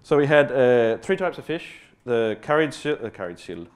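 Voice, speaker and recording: An Australian man on stage tells a funny personal story, rambling with lots of fillers and restarts, self-deprecating asides and casual swearing. His medium-pitched voice has big pitch swings at a moderate pace, with slight background noise.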